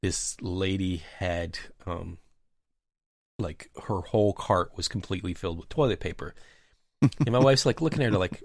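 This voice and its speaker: A man's voice: low voice, moderate pace, dry recording, studio quality. A man hosting a podcast, telling a rambling anecdote in casual chat with many fillers. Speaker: podcast host. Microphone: remote call mic.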